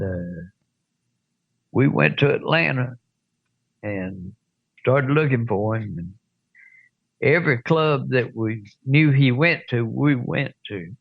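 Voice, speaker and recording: An older man, telling a rough anecdote as an interview guest with chuckles and blunt profanity. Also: fairly low pitch, no echo, phone-quality sound. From American South. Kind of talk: storytelling in an interview.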